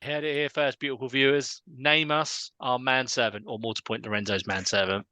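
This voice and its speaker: Man, tabletop player, teasing, bright forceful voice. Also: mid-range voice, steady tone, a little fast. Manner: teasing, jokey. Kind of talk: casual chat in an online game.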